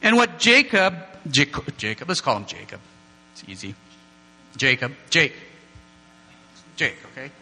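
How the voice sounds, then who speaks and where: A man's voice: mid-range voice, wildly swooping pitch, unhurried, pauses often, pushed and bright. A man giving an informal, digressive church class from slides, joking with his listeners as he goes. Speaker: church teacher. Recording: long hall reverb, mains hum.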